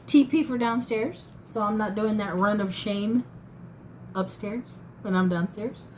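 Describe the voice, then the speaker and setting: A woman's voice: medium pitch, measured pace, a little mellow, poor audio. Fifty-something woman, casual talkative haul vlogger, folksy, faint noise behind. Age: 50s. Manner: chatty, folksy, addresses viewers as y'all. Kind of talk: casual haul chat to camera.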